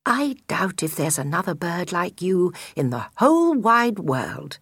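A woman voicing a gentle, secretive mother goose who speaks softly and confidingly, in a storybook reading. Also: lowish voice, very animated, unhurried, breathy edge, no echo, clean studio sound, full character voice. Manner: soft, confiding, partly whispered.

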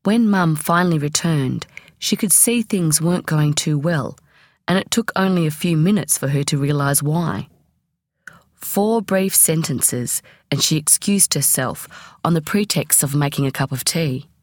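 A woman reading a memoir aloud as an audiobook, in a measured, expressive way. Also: sits low, no echo. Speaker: audiobook reader. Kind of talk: audiobook narration.

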